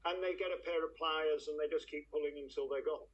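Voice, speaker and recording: Radio phone-in host, blunt and chatty, a little higher-pitched, on a slightly dull recording. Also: male voice, fairly even intonation, fast talker. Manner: blunt, chatty, with casual swearing.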